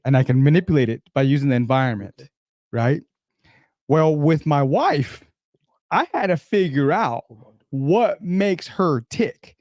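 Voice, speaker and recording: A man's voice: a little high, lively intonation, unhurried, a little mellow, dry recording, clean studio sound. A man who works in behavior and psychology co-hosts a chat show, explaining plainly and laughing easily. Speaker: behavior psychologist and podcast co-host. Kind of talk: casual chat.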